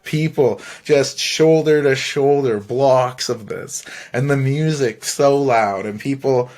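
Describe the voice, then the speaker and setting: A man's voice: mid-range voice, takes it slowly, a little mellow. A man hosting a podcast, telling a long personal story in a loose, rambling way, swearing freely and laughing between phrases. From Canada. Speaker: podcast host. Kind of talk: casual storytelling monologue.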